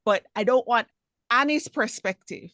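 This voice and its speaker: A woman moderating a club Q&A on a video call, asking questions in a brisk, direct way. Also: on the high side, bright, forceful tone, dry recording.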